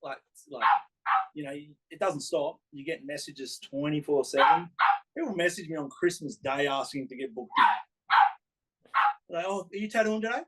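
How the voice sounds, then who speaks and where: A man's voice: fairly high pitch, steady tone, moderate pace, pauses often, heavy background noise. A man, a tattoo artist chatting casually, rambling with lots of fillers and laughs. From Australia. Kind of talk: casual chat. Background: dog barking.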